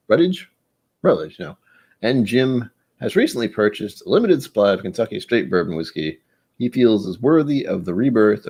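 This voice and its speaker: A man with a lowish, slightly mellow voice hosts a casual whiskey tasting vlog. He rambles chattily, pokes fun at himself, and trips over words whenever he reads something aloud.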